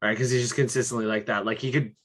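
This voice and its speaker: A young man co-hosting a casual sports podcast. He talks in quick, animated bursts and keeps checking in with his listeners by asking "right?". His pitch sits in the middle range. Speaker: podcast co-host.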